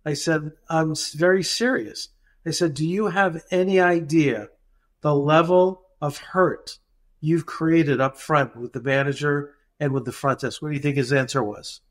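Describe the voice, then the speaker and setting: A man's voice: a little high, a little slow. A man, a dental practice consultant, retelling an anecdote in a podcast interview and acting out the dialogue as he goes. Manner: animated, acts out dialogue in the retelling.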